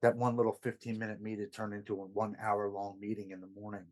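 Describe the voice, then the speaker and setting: Male podcast guest, lower voice, casual earnest storyteller who quotes dialogue throughout. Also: flat delivery, quick pace. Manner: retells events with much quoted dialogue.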